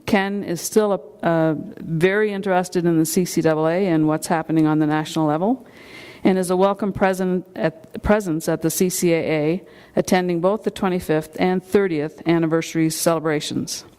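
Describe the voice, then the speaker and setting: A woman presenting a hall of fame inductee, reading a prepared introduction in a steady manner. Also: fairly low pitch, moderate pace, clean tone. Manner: steady, reads a prepared text. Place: banquet hall.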